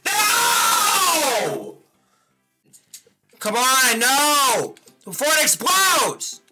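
A man streaming hard platform games, yelling, groaning and cursing at the game as he plays, with music behind him. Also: very high-pitched, sing-song, extremely slow. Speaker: gaming streamer. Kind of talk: rage-quit gameplay commentary.

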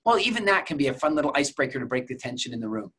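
A man with a husky, slightly breathy voice at an ordinary middle pitch leads a public speaking masterclass. He talks to viewers directly and conversationally, weaving stories into his lessons. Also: sing-song, rapid-fire, pushed and bright. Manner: conversational, storytelling with examples. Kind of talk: masterclass lecture.

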